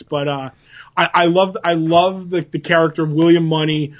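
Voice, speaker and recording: A man's voice: fairly high pitch, fairly even intonation, moderate pace, lo-fi sound. A man co-hosting a podcast, enthusiastically retelling movie scenes in casual chat. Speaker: podcast co-host.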